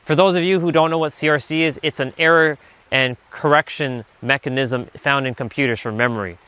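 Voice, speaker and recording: A man's voice: fairly high pitch, fairly quick, clear, resonant tone, dry recording. Chatty man rambling on a walk. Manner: loose and chatty, leans on "like", swears when he gets animated. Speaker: livestream host, self-improvement speaker. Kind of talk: casual rambling livestream talk. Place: outdoors on a walk. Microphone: handheld gimbal rig.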